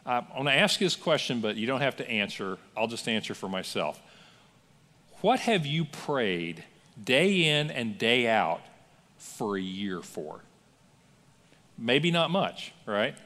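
A man preaching a sermon as pastor, telling stories with lively acted-out quotes in a church. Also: medium pitch, unhurried, long reverb tail. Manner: animated storytelling with acted-out quotes. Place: church sanctuary.

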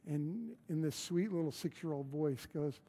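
A man's voice: on the high side, moderate pace, warm tone. A man preaching a sermon as pastor in a church, conversational and emphatic, with repeated phrases. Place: church sanctuary.

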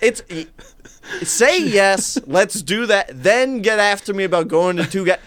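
Young guy from minnesota spinning a story, swears a lot, kinda higher voice, laughs as he goes. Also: a little slow. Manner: animated, profane, laughs through his story. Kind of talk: casual storytelling.

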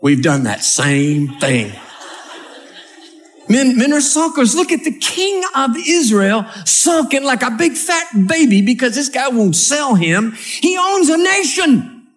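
Very high-pitched and slow, this man's voice carries a funny sermon before a live congregation. He reads from scripture and brings it to life through animated storytelling, acting out the scenes.

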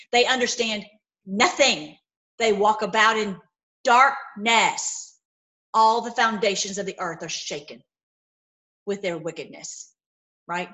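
A woman giving an informal, impassioned sermon, swinging between loud outbursts and low murmurs, with many repeated words. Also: unhurried, long pauses. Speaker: preacher.

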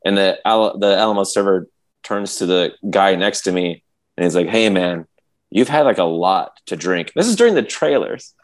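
A man's voice: sits low, lively intonation, normal speed. A man in casual podcast chat, rambling with many restarts as he tells a story, acting out quotes and sound effects. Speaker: podcast co-host.

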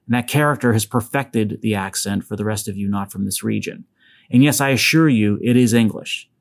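Gravelly podcast host with faint Western Pennsylvania accent. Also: male voice, lowish voice, fairly quick. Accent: Western Pennsylvania, softened. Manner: conversational, wry asides. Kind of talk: solo podcast monologue.

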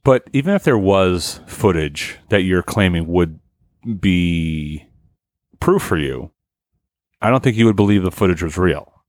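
A man's voice: deep voice, animated, measured pace, darkish tone, no room sound. A man co-hosting a casual podcast chat, rambling and swearing as he tells a story with many restarts. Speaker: podcast co-host.

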